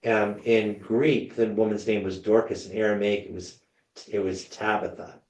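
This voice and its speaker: Low-voiced man teaching a Bible lesson. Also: flat delivery, normal speed, a little mellow, echoey room, rough recording. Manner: conversational, storytelling, asks the group questions. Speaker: church teacher. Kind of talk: Lenten Bible study lesson. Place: church meeting room.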